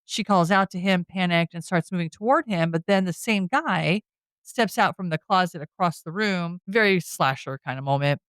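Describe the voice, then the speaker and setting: A woman's voice: on the low side, normal speed, fairly bright tone, dry recording. A woman hosting a podcast, casually retelling a horror film scene by scene, with chatty storytelling. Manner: chatty storytelling, with frequent "you know" and "like". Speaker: podcast host. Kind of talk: casual movie recap.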